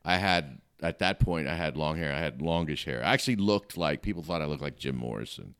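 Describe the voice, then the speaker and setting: A man's voice: rumbling low, a little fast, a bit bright, smooth. A middle-aged man, a comedian guest, telling blunt, matter-of-fact stories in casual chat.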